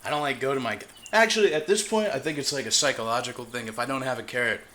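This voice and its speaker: A man's voice: mid-range voice, fast talker, pushed and bright, a little hiss or hum. A man live-streaming, chatting casually as he reacts to a video, swearing and laughing often. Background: faint music.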